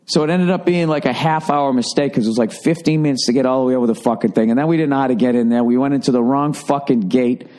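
A man's voice: mid-range voice, fast, hardly any pauses. Profane rambling male comedian monologue. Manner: rambling, profane, self-mocking, animated. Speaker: comedian and podcast host. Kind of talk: profane comic storytelling monologue.

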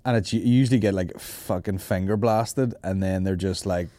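A man's voice: deep voice, normal speed, dry recording, studio quality. A Northern Irish man hosting a podcast, chatting casually and crudely and swearing freely as he tells stories. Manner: crude, animated, swearing storyteller. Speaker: podcast host.

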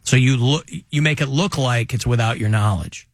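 A man hosting a radio talk show, chatting casually with rambling, animated asides. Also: medium pitch, normal speed, no room sound, clean studio sound. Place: radio studio.

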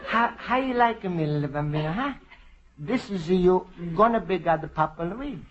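An actor playing a gentle, sweet-natured middle-aged Italian immigrant in a 1940s radio comedy, speaking broken English with an Italian accent and pleading fussily. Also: male voice, sits high, lively intonation, normal speed. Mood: fussing. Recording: lo-fi old radio broadcast with audience laughter and hiss.

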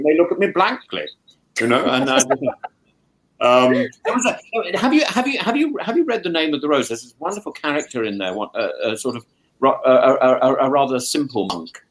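A man chatting as a guest, talking with many stammering restarts and animated opinions. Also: medium pitch, normal speed, a crowd in the background. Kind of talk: casual discussion.

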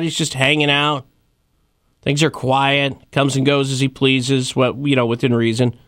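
A man in his thirties hosts a loose, joking talk about strange news, rambling through fillers and asides. His pitch sits in a middling range. The sound is dry and close, with no room around it. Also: level tone, measured pace, a bit bright, dry recording. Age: 30s. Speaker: host. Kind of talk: casual comedic news chat.

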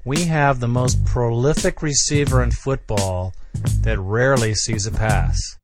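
A man's voice: mid-range voice, measured pace, over music. A man hosting a sports podcast, ranting bluntly and sarcastically about his team. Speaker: podcast host. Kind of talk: angry podcast rant.

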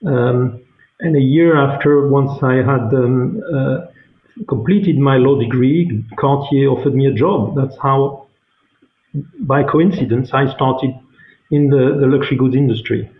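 Man, French accent, CEO guest in his fifties, halting speech full of ums, phone-like sound, roomy echo. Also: mid-range voice. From France. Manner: hesitant, many fillers and restarts. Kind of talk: interview answers. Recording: echoey room over a tinny phone-like line.

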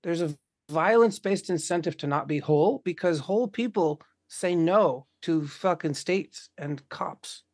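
Impassioned, swearing man with a higher voice. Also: measured pace, darkish tone, no room sound, studio quality. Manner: impassioned, swears often, acts out quoted voices. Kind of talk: casual conversation.

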